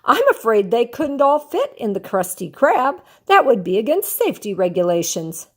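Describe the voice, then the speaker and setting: A grandmother voicing an excitable young sea sponge in a storybook, squeaky and bursting with excitement. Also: moderate pace. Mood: excited.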